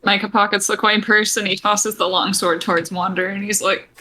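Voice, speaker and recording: A woman player in a casual tabletop game, chatty and quick. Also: medium pitch, little pitch movement, bright, forceful tone, a little hiss or hum, rough recording.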